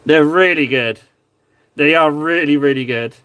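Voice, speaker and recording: A man with a slightly higher voice chats casually on a stream, rambling and poking fun at himself as he goes. He is recorded close on a desk mic, with a dry sound and no room echo. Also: measured pace, fairly bright tone, clear, resonant tone. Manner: rambling, self-mocking, playful. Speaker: streamer reviewing viewers' miniature paintings. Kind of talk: casual live-stream chat.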